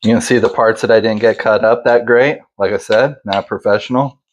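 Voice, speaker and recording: A man's voice: fairly low pitch, fairly even intonation, fairly quick, dull audio, background noise. A man hosting a casual home cooking video, chatting in a laid-back, self-deprecating way while he makes salsa. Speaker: cooking channel host.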